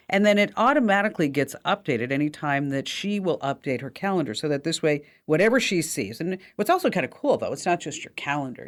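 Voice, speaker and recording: A woman hosting a tech call-in radio show, talking in a chatty, upbeat way with plenty of fillers. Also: extremely low pitch. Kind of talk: casual call-in radio talk.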